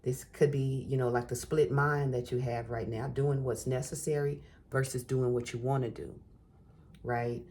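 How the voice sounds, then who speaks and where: A woman's voice: rumbling low, fairly even intonation, moderate pace, dark tone, a little hiss or hum. A woman giving an encouraging collective tarot reading, repeating phrases for emphasis and calling the listener baby and honey. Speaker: tarot reader.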